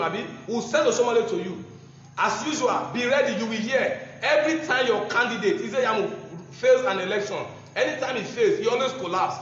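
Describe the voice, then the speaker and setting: A man's voice: sits high, a bit bright. A man with a Nigerian accent gives a combative, mocking political address and repeats phrases for emphasis. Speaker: political speaker. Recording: echoey room, dull lo-fi sound, faint noise.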